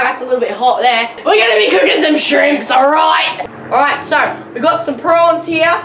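Australian woman, jokey slangy comic vlogger, slightly high voice, faint grill sizzle behind. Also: slight background noise. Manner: jokey, slang-heavy, excitable exclamations. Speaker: comedy vlogger. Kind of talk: comedic how-to vlog. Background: sizzling food on a grill.

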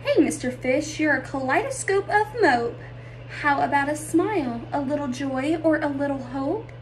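A woman voicing a squirmy, slightly rude female squid with quick teasing delivery. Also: high-pitched, lively intonation, a little hiss or hum.

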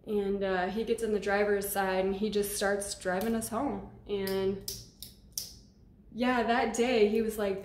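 A woman telling a personal story to camera in a casual storytime vlog, blunt and animated, swearing freely as she goes. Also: mid-range voice, slow pace, pauses often, reverberant, slight background noise. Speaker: vlogger.

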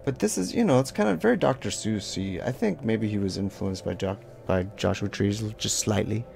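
Gravelly laid-back man drawing along. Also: fairly low pitch, animated, normal speed, a little mellow, faint music behind. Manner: rambling, loose, full of "like" and sound effects. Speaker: art teacher. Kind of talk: casual draw-along tutorial.

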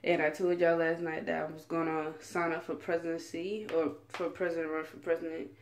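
A woman's voice: sits low, level tone, fairly quick. A woman in her late teens vlogging to her phone camera at home at night, rambling in a chatty, slangy way with lots of fillers. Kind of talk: casual rant to camera.

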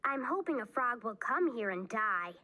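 A woman's voice: on the high side, very animated, normal speed, pushed and bright, heavily acted. A woman reading aloud, voicing a serious young girl who plays at being a witch, earnest and a bit bossy.

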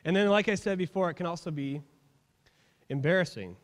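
A man's voice: sits high, brisk. A young man preaching a sermon as a pastor, telling stories in a casual, humorous way. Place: church sanctuary. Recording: long hall reverb.

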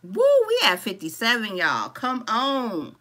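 Bright-voiced woman hosting a live crochet-along. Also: medium pitch, a little slow. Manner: chatty, greets viewers and reads out comments; casual and relaxed, calls viewers "y'all". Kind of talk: live-stream craft tutorial.

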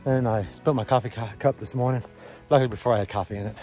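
A man's voice: medium pitch, steady tone, rapid-fire, warm tone, faint music behind. Breathless chatty man hiking a trail. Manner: chatty, upbeat, talks to viewers directly. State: out of breath from climbing. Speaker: hiker filming a trail vlog. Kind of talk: casual vlog narration. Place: outdoors on a forested mountain trail.

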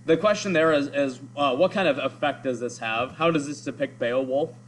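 A man's voice: medium pitch, normal speed, slight background noise, poor audio. A man teaching a literature lesson in a casual, explaining way, thinking aloud as he goes. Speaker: English teacher. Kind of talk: recorded class lesson.

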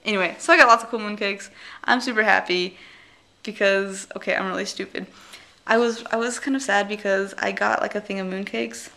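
A young woman who teaches English, chatting casually and rambling off track, breaking into excited squeals as she unwraps things. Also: mid-range voice, brisk, creaky. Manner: rambling, easily distracted, giggly; gushing excited squeals when unwrapping gifts. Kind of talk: casual vlog chat.

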